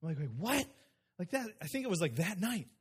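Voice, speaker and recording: Brief: man in middle age, pastor, lively storytelling sermon, high voice. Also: fairly quick, breathy edge. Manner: animated, acts out quoted people.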